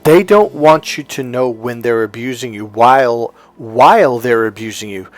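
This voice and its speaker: A man speaking as a life coach in an emphatic motivational monologue, blunt and forceful, swearing for emphasis and acting out other people's lines in a raised voice. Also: mid-range voice, animated, moderate pace, hardly any pauses, no room sound, soft background music.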